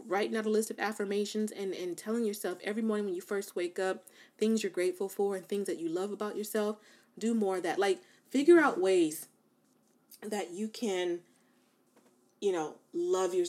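A young adult woman talking casually to her viewers, giving self-love advice in an animated, emphatic way, with lots of "like" and "you know.". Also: medium pitch. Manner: conversational, many fillers like "like" and "you know". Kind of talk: casual motivational talk to camera.

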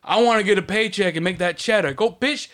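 A man's voice: sits high, a little fast, a bit bright. A man in his thirties ranting heatedly in casual podcast chat, swearing often. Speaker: podcast co-host.

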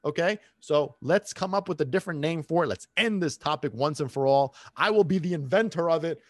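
A man hosting a podcast, talking in a rambling, animated way and slipping into phrases. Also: on the high side, a little fast, no echo, clean studio sound. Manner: animated, rambling, drops into Italian and Sicilian phrases. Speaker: podcast host. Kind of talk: casual podcast monologue.

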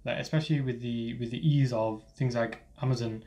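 Quick-spoken podcast co-host man. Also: medium pitch. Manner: calm advice-giving with fillers. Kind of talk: casual podcast chat.

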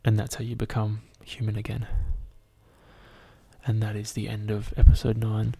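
A man's voice: lowish voice, monotone, moderate pace, vocal fry, mellow, slightly rough. A young man hosting a solo podcast, talking casually with lots of swearing and fillers. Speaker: podcast host. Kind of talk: solo podcast rant and storytelling.

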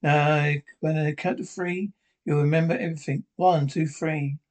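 A man's voice: on the high side, fairly even intonation, moderate pace, darkish tone, close to an everyday voice. A man reading the lines of an eccentric male time-traveller hero in a script read-through. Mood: inquisitive.

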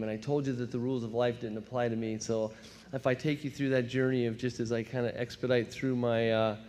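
A man in his fifties from telling his recovery story at a meeting, storytelling with self-mocking laughs and quick put-on voices for his younger self. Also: medium pitch, darkish tone, slight background noise. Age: 50s. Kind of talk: personal testimony talk. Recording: long hall reverb.

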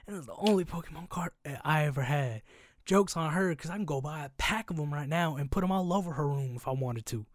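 A young man co-hosting a casual podcast, telling animated stories full of slang and "bro". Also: on the high side, fairly quick. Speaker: podcast co-host.

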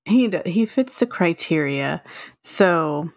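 A woman co-hosting a podcast in relaxed casual chat, agreeable and laughing often. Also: fairly low pitch, slow pace, vocal fry, no room sound, clean studio sound. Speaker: podcast co-host.

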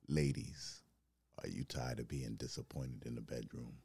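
A deep-voiced male ad announcer, as a man puts him on delivers a smooth commercial pitch. His voice sits extremely low and rumbles with gravel, with faint music behind him. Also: measured pace, dark tone, full character voice. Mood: salesy.

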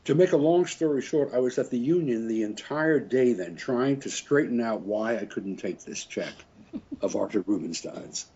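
Animated and mid-range, this older man's voice is dark and husky, moving at a normal speed. A French horn player, he meanders through anecdotes in a relaxed interview, often chuckling and correcting himself, on a dull lo-fi recording.

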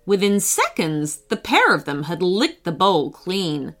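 A woman host narrating a children's story in an animated storyteller manner. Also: fairly low pitch, unhurried, soft background music. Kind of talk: scripted narration.

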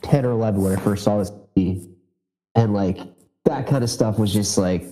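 A man on a casual movie podcast, talking in a halting, hesitant way. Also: on the low side, mellow, poor audio. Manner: hesitant, halting, many restarts. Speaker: podcast co-host.

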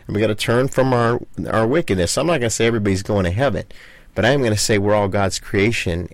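A man's voice: lowish voice, no echo. Middle-aged pastor guy preaching hard, talks right at you, repeats himself, dry close mic. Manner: fervent, repetitive, addresses listener directly. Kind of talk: preaching talk.

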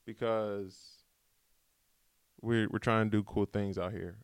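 A man talks straight into a close, dry mic, his pitch swinging lively up and down as he rambles through a slangy pep talk. His voice sounds smooth and resonant. It has the loose, casual flow of a podcast host riffing on his own. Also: takes it slowly, no echo. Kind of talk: casual motivational monologue.

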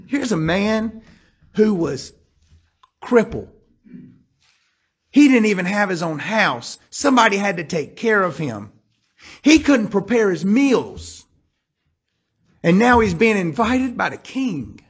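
A man preaching a sermon that mixes a personal story with scripture. He shifts between hushed, quiet passages and emphatic, building ones. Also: sits high, slow, pauses often, husky. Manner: animated storyteller, drops to hushed tones then builds emphatically.

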